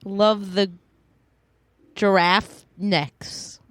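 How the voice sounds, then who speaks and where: Woman, podcast co-host, relaxed slow pace, teasing and laughing. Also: mid-range voice, no room sound. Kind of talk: casual chat.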